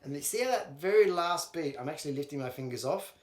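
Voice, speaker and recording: Guitar teacher, male, fairly high voice, scats the strums aloud, roomy sound, loud guitar behind. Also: animated, quick pace. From Australia. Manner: counts and sings rhythms aloud while playing. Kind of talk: instructional walkthrough.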